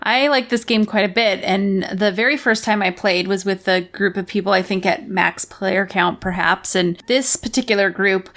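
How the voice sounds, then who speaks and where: A woman co-hosting a board game podcast, chatting in a relaxed, musing way with occasional hesitations. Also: mid-range voice, normal speed, few pauses. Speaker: podcast co-host. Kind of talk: casual chat about board games.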